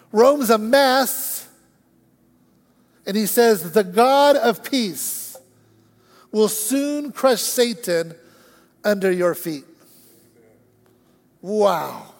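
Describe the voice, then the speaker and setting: A man preaching a sermon as pastor, telling a story with lively acted-out voices and shouted moments. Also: high-pitched. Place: church sanctuary. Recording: long church hall reverb.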